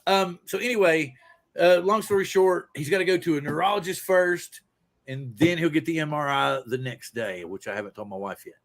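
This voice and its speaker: A man's voice: fairly high pitch, moderate pace. A man hosting a casual live stream, rambling loosely and greeting viewers by name. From Pacific Northwest. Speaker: livestream host.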